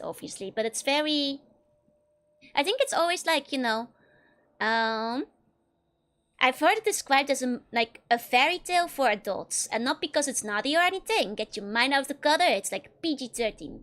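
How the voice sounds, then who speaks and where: A woman streamer talking casually over her gameplay, rambling with many fillers and breaking into giggles. Her voice sits high, with lively pitch.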